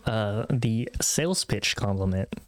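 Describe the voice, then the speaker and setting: Low-voiced man, dry close-mic podcast chat. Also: a little slow, no room sound. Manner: relaxed, explains with many fillers and repeats "pretty much". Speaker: podcast co-host. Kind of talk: casual chat.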